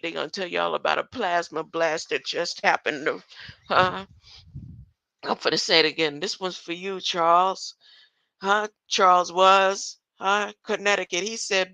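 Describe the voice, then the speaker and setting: A woman's voice: fairly low pitch, steady tone, unhurried, vocal fry, bright, forceful tone, no room sound. An older woman talking in a rambling monologue, often stopping to ask "huh?" and chuckling between thoughts. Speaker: online commentator.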